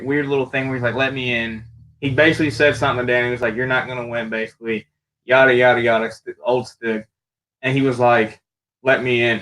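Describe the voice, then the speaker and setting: A man hosting a casual chat, recapping a show in an animated, rambling way with frequent restarts. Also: medium pitch, rough recording. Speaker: show host.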